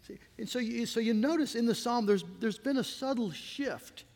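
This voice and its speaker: A man preaching a sermon in an earnest, measured way, reading scripture aloud with dramatic weight. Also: very high voice, a little mellow, long reverb tail. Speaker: pastor.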